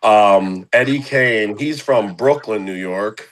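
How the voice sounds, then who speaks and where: A man's voice: fairly low pitch, slow, a bit bright, low-quality recording. A young man from the Philadelphia area, a guest musician in a casual interview, rambling with slang and lots of fillers.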